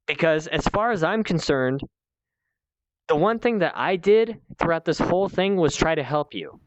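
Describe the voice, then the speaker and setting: Lecturing man, a bit high-pitched. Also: expressive, moderate pace, no echo, highs cut off. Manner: lecturing, repetitive, escalating, swears. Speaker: channel host. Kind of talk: heated one-on-one conversation.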